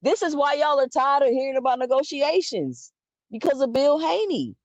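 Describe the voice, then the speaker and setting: A high-sitting female voice delivers animated, opinionated boxing commentary, emphatic and laced with rhetorical questions and fast restarts. There's no echo, and the sound is dull and lo-fi.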